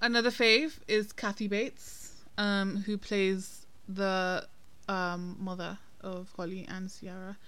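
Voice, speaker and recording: A woman's voice: mid-range voice, little pitch movement, takes it slowly, a bit bright, smooth. A woman co-hosting a casual film-review podcast, talking in a chatty, hesitant way with many ums and restarts. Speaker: podcast co-host.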